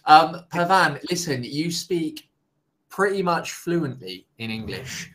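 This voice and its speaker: Easygoing man, casual tutor chat over a video call, slightly high-pitched. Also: very animated, takes it slowly, fairly bright tone. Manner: easygoing, reassuring. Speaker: conversation tutor.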